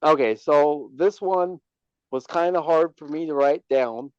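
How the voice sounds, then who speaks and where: A man's voice: fairly high pitch, a little slow, smooth, no echo, muffled recording. A man co-hosting a casual podcast, stammering and repeating words with dry teasing. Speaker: podcast co-host.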